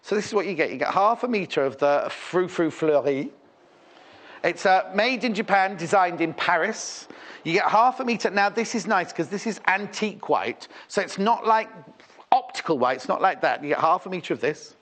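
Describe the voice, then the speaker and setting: British male shopping channel host, higher pitch, very animated, chatty and rambling. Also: normal speed. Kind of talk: live TV selling chat.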